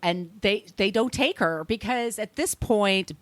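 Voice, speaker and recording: A woman's voice: mid-range voice, unhurried, fairly bright tone, no room sound. A woman hosting a podcast, telling a history story in a rambling, conversational way, with restarts and the odd swear. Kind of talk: casual storytelling chat.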